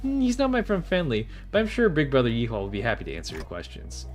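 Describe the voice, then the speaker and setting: A man's voice: mid-range voice, huge pitch swings, fast, faint music behind. A man voicing a cheerful, airy young nobleman in a game, raised into a sing-song tone.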